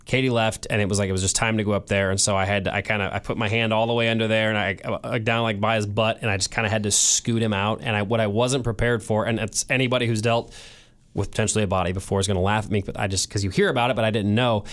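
Man telling a sad story, halting. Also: lowish voice, steady tone, fairly bright tone. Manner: halting, emotional storytelling with many restarts. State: teary. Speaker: podcast co-host. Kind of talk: casual chat.

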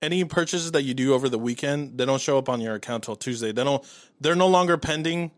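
A man in a casual chat, telling a long story in a lively way, acting out the voices of the people in it and swearing freely. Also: mid-range voice, fast talker, no room sound. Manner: animated storytelling, acts out his own quotes, swears freely.

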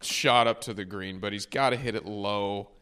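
Man with a lowish voice, guest caddie on a chat podcast, easygoing and rambling. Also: normal speed, clear, resonant tone. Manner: relaxed, rambling, self-correcting. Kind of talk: casual storytelling.

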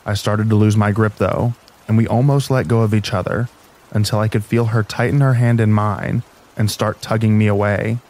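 Low-voiced man narrating calmly over rain. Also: normal speed, poor audio. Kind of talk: calm scripted narration of sleep stories. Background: rain sounds.

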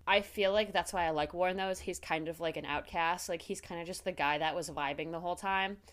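A young woman with a somewhat low voice talks at length in loose podcast chat. She is animated and swears freely. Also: a little fast. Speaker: podcast co-host. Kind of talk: casual chat.

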